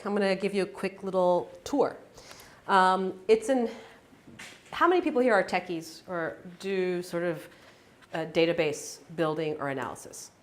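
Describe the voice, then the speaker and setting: A woman speaking at an academic event, addressing a lecture room audience. Her delivery is conversational and unscripted, with frequent ums and self-corrections. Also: mid-range voice. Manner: conversational, many fillers and restarts. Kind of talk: conference talk.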